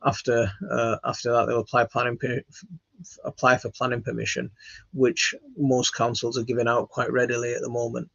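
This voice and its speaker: Host: man, gravelly, husky, casual live Q&A, hesitant delivery, dull dry recording. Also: mid-range voice, completely flat delivery, a bit bright, no echo. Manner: halting, reading out comments with many fillers. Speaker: channel host answering viewer questions.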